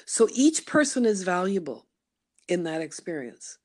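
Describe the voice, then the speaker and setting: A middle-aged woman from Canada talks through her story in a relaxed interview, slightly low in pitch. She keeps it animated, jumping into playful acted-out asides for the voice inside her head. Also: measured pace. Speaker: guest, studio founder and voice workshop leader. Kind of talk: conversational interview.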